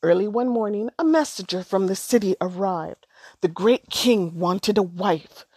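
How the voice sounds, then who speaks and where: A woman narrating a storybook aloud in a measured, expressive way. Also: medium pitch, slightly rough, no room sound.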